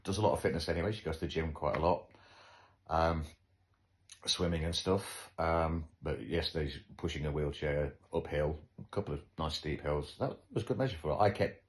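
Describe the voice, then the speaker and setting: Deep-voiced male host, casual chat, dry self-mocking humour. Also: moderate pace. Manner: wry, joking, self-deprecating. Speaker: podcast host.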